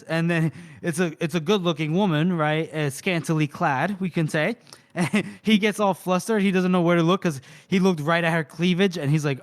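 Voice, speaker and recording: A man co-hosting a casual book podcast, retelling scenes and acting out characters' lines in quick quoted voices. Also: on the high side. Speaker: podcast co-host.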